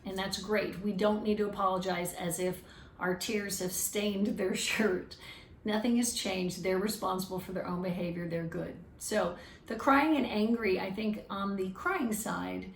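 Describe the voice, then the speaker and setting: Woman, gravelly voice, reflective teaching talk, recorded distant in an echoey room with faint ambience. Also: mid-range voice, measured pace, a little hiss or hum. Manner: earnest, reflective, restarts phrases. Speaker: speaker on emotional wellbeing.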